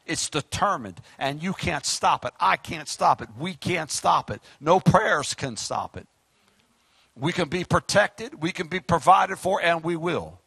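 Preacher guy, high-pitched and all over the place, cracking jokes then hollering. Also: measured pace, gravelly, husky, no echo. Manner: animated preaching, joking asides, shouted exhortations. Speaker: pastor. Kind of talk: fiery sermon.

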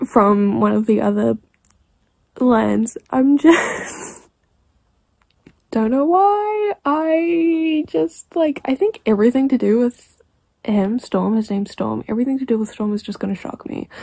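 A woman chatting casually in a reading vlog, rambling and excitable, swearing freely and sometimes dropping to a hushed near-whisper. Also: on the high side, gravelly, dry recording. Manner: drops to a hushed near-whisper late at night. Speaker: book vlogger.

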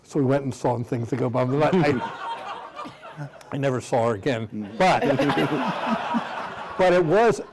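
A man's voice: medium pitch, animated, unhurried, pauses often, background noise. A man in his sixties moderating an onstage Q&A, asking rambling questions full of restarts and fillers. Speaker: panel moderator. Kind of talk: onstage Q&A conversation. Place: theater stage before an audience.

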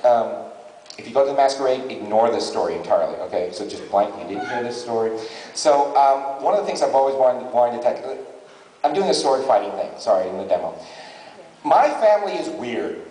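A man doing live comic storytelling as a stand-up comedian in a large convention hall, with an animated delivery. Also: mid-range voice, brisk, slight background noise. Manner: animated, jumps into character voices. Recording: echoey hall from far off.

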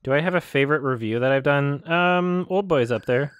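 A man streaming a co-op game in casual chat, excitable, swearing and yelping when hit. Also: on the high side, brisk, clear, resonant tone. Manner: excitable, swears often, yelps at hits.

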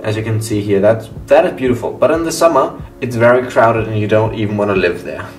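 A man's voice: on the low side, brisk. A young man, talking earnestly and reflectively in a casual personal vlog, often restarting his sentences. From Germany, raised partly in the US. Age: young adult. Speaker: vlogger. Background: faint laid-back guitar music.

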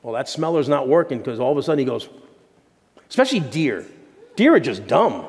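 A man preaching a sermon as pastor, animated and jokey, with sudden shouts and hushed asides. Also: mid-range voice, brisk, long pauses, in a large hall. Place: church sanctuary.

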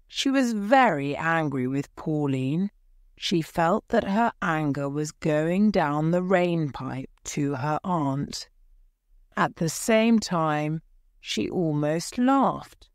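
A woman narrating a graded audiobook story for English learners in a clear, measured way. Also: low-pitched, no echo, clean studio sound.

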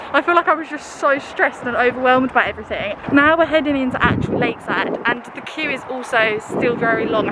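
A woman's voice: fairly high pitch, very noisy. A young English woman chatting casually as she films a shopping vlog in a busy shop, filling her talk with "like". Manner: chatty, lots of "like" fillers. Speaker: vlogger.

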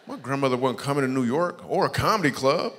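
A man doing stand-up storytelling as a guest comedian, lively, acting out the voices of people in his stories. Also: medium pitch, fast. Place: church stage before a live audience. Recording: echoey church hall.

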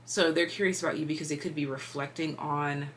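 A woman with a low voice gives a casual tarot reading in a rambling, chatty way. She leans on fillers and sometimes drops to a hushed whisper, with faint noise in the background. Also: steady tone, a little fast. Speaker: tarot reader.

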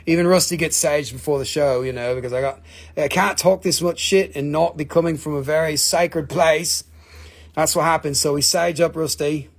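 Husky profane man selling rocks live. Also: a little high, fairly even intonation, normal speed. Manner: profane, rambling, joking. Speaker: live stream rock seller. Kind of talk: casual live sales stream.

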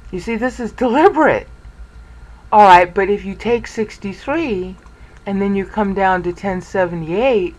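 Presenter, mid-range voice, casual lecture, excitable, volume rises and fades. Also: medium pitch, rough recording. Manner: excitable, lively, thinks aloud. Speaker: Bible study presenter. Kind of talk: informal screen-share lecture.

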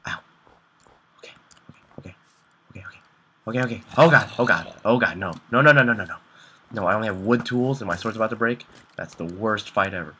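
Young male gameplay commentator, low and bright, jittery, frantic repeated words. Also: fast, pauses often, slightly rough.

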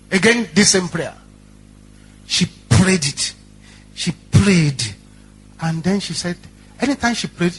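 A man's voice: high-pitched, a bit bright, a little hiss or hum. A male pastor preaching a sermon and telling stories in a dramatic, repetitive, emphatic way. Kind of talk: sermon storytelling.

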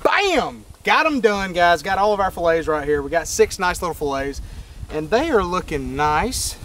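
Jokey folksy guy vlogging outdoors, voice bouncing all over, fairly high. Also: normal speed, a little hiss or hum. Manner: excitable, joking, folksy. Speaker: fishing vlogger, host. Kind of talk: casual outdoor cooking vlog talk. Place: outdoors near a pier.

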